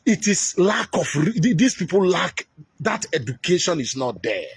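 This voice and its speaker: Nigerian man, high-pitched, angry rant with restarts. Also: big pitch swings, moderate pace, husky, dry recording, low-quality recording. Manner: heated, scornful, many fillers and restarts. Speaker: commentator. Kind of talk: ranting commentary.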